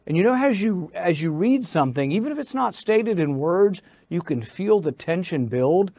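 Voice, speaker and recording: A man's voice: high voice, lively intonation, moderate pace, a little mellow, no room sound. A middle-aged American man who is a senator, telling a story in an interview in an insistent manner that builds to indignation. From United States.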